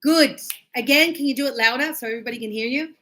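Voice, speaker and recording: Speaking quickly in a high register, a woman runs an English grammar class with animated energy. She jokes with her students and imitates the way they respond.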